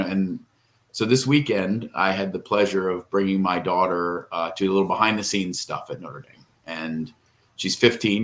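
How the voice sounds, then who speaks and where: A man's voice: sits low, fairly bright tone. A middle-aged man co-hosting a podcast, telling a long, rambling, emotional story in casual chat and tearing up. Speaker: podcast co-host.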